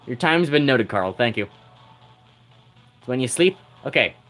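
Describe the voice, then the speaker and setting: A man's voice: medium pitch, lively intonation, a little slow, fairly bright tone, soft background music. A man chatting with his livestream audience in a teasing, rambling way, laughing often. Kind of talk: casual livestream chat.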